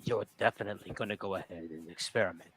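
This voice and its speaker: A man voicing a scheming woman adventurer, speaking in a hushed, conspiratorial whisper as whispered role-play. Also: high voice, big pitch swings, moderate pace, creaky, pitched above the performer's own voice, full character voice.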